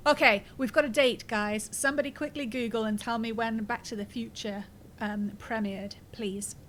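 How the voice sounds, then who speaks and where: Woman streaming a game, kinda high voice, reads stuff out, swears, faint hiss behind. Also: normal speed, low-quality recording. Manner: chatty, reads game text aloud, swears and laughs freely. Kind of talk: casual gameplay commentary.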